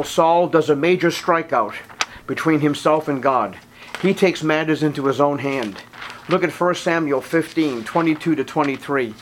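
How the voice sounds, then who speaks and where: A man preaching a sermon, reading scripture in old-fashioned wording and pleading with his listeners, his voice dropping to a hush and then rising to ringing emphasis. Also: on the high side, slight background noise. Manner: swings from hushed to ringing emphasis; pleading, urgent appeals to listeners.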